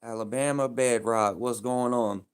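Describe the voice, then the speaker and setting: A man's voice: mid-range voice, steady tone, unhurried, smooth. A man live streaming, talking in a casual, heated and profane rambling rant.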